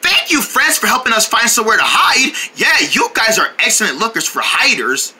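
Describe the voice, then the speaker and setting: Bubbly high-pitched woman voicing kids' cartoons. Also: a little fast. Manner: playful and excitable, calls out to the audience. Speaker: children's video storyteller. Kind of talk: animated voice acting for kids, talking to the viewers.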